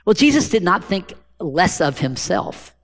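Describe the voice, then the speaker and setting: Very animated yet a little slow, a man with a high voice preaches a sermon as pastor. His style is conversational, full of rhetorical questions for the congregation, and the hall adds long reverb.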